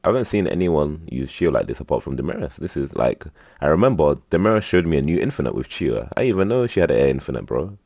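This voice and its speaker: A man's voice: very deep voice, very animated, fast, vocal fry, darkish tone, breathy edge, no room sound. A man casually commentating a fighting game tournament, teasing players and laughing often.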